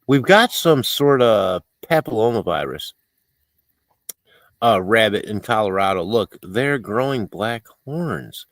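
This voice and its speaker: A man hosts a casual livestream, his pitch swinging up and down as he talks. He rambles, mocks himself and chuckles often. His voice is close and dry, with no room sound. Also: expressive, takes it slowly, no room sound. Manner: rambling and self-mocking, with frequent laughs and fillers. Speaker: livestream host. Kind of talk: casual chat, reading out viewer comments.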